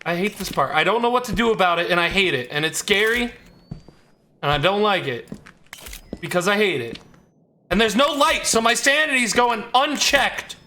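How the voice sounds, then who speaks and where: A man streams a horror game live, talking jitterily to himself and the game and repeating lines when frightened. His voice sits high, animated and sharp at a moderate pace, with a little hiss or hum.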